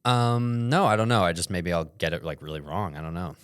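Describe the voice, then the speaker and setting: A young man with a very low, deep voice rambles through a casual podcast chat. The sound is dry and close, with no room around it, and now and then he bursts into loud, joking yells. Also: animated, fairly quick, smooth, no room sound. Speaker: podcast co-host.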